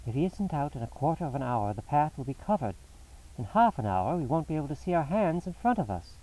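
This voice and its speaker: A man voicing a tense, commanding male detective who speaks in urgent, clipped bursts, pitched above his own reading voice. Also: expressive, a little fast, warm tone, recorded from a distance, lightly acted, poor audio.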